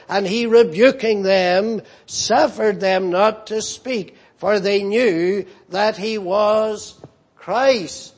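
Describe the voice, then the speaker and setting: High-pitched guy preaching slow, hammering his points with repeats. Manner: emphatic, repeats key phrases for weight. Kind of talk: sermon.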